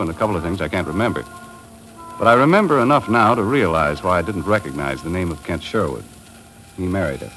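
Laconic boat captain, 1950s radio drama, lowish voice, lively pitch, faint music behind. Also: male voice. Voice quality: dry, laconic. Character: easygoing boat captain narrator, adult man. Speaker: lead actor and narrator. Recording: old radio broadcast with music.

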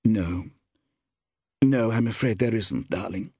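A man reading aloud, voicing a glamorous, gushing actress with affected, drawn-out endearments. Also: lowish voice, warm tone, breathy edge, dry recording, studio quality, pitched above the performer's own voice.

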